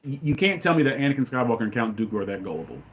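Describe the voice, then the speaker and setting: A man giving opinionated, ranting fan commentary as a channel host, with loud outbursts. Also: mid-range voice, sing-song, very fast. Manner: ranting, exclaims loudly.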